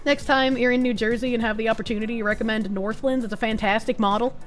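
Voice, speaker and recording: A young woman with a Boston accent, chatting casually on a live stream, profane and excitable with bursts of yelling. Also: fairly high pitch, fast, soft background music. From Boston, USA. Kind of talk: casual live-stream chat reading comments.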